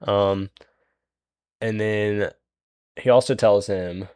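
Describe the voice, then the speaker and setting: A man's voice: on the low side, steady tone, drawn-out words, darkish tone, clean tone, dry recording. A young man retelling a book's plot in a rambling, profane, casual way, full of fillers. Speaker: book recap host.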